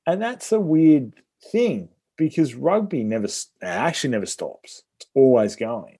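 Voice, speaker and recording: A man's voice: medium pitch, very animated, measured pace, mellow, slightly rough. A man chatting casually about sport, with lots of "like" and "you know".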